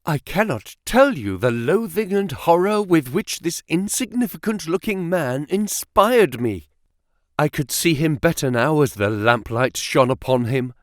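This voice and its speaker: A male audiobook narrator reading a classic detective story in a measured, dramatic way. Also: fairly high pitch, expressive, dry recording, clean studio sound.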